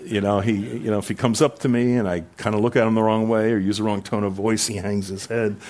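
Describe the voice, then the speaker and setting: Pastor guy preaching, kinda low voice, chatty asides then gets loud and emphatic. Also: level tone, fast talker. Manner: conversational, digressive, rising to emphatic preaching. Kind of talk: sermon.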